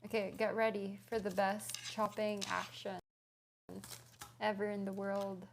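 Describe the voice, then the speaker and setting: A woman's voice: mid-range voice, little pitch movement, unhurried, background noise. A woman streaming live from her home kitchen, chatting playfully while cooking and answering her chat aloud.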